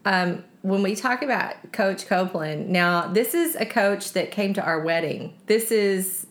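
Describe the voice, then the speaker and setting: A woman in her late forties co-hosting a podcast. She talks loudly and chattily and laughs often, with a voice scratchy from shouting. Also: medium pitch, measured pace. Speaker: podcast co-host, chef. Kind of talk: casual podcast chat.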